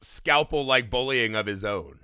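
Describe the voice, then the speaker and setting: A man in casual chat about a movie, animated, swearing freely and acting out quotes with laughs. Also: medium pitch, measured pace, smooth, no echo, studio quality. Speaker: movie podcast co-host.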